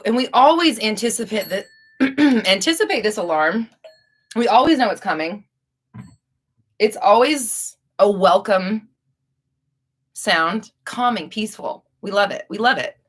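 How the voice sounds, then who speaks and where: A woman's voice: mid-range voice, lively intonation, a little slow, pauses often, fairly bright tone, breathy edge. A young woman hosting a live Q&A stream, rambling and casual with frequent restarts and swearing. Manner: rambling, profane, chatty with restarts. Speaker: livestream host.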